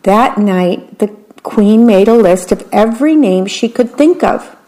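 A woman reading a children's story aloud, gentle and unhurried, adding her own asides. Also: mid-range voice, expressive, rough recording.

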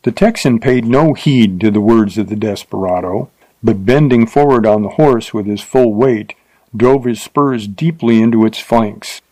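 A man reading a Western adventure story aloud in a steady, dramatic narration. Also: fairly low pitch, unhurried, dry recording, low-quality recording. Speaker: audiobook narrator.

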